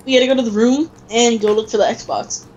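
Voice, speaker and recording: A young woman gamer chats casually while playing a video game, teasing and giggling through a case of the hiccups. Her voice sits on the high side with fairly even intonation and a slightly fast pace. The audio is dull, with faint background noise.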